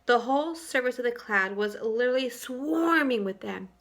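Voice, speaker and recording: A woman teacher reading a chapter book aloud to her third-grade class, expressive and clear, pausing to talk to the children. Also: fairly high pitch. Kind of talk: storybook read-aloud for children. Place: home, for virtual school.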